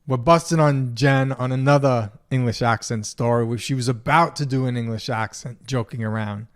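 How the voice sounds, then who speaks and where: A man's voice: mid-range voice, normal speed. A man co-hosting a podcast in casual chat, teasing his wife and laughing often. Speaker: podcast co-host.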